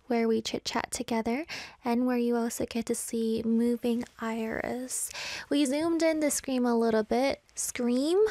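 A young woman in her twenties hosts a casual radio show, chatting in a playful, self-teasing way and sounding a little out of breath. Her voice sits somewhat high. The studio sound is dry and close. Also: a little mellow, no echo. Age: 20s. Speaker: radio DJ and live stream host. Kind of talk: casual radio chat reading live comments. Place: small studio, in a Korean city.

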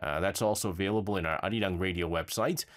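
A man's voice: deep voice, fast talker. A man hosting a radio show, chatting casually and reading listener messages, with lots of fillers and stammers. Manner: lively, rambling, frequent fillers and stammers. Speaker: radio host. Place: radio studio.

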